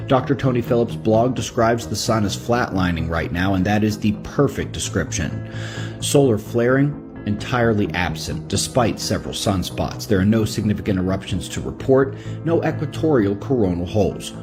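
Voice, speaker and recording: A man hosting a calm, scripted science news report. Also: fairly low pitch, moderate pace. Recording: music bed behind.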